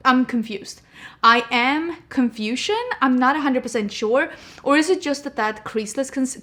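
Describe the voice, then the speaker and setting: A young woman with a slightly high voice chats casually about beauty products. She talks in a breezy, talkative way and keeps asking her audience rhetorical questions. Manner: chatty, full of rhetorical questions. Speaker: beauty vlogger. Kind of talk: casual chat.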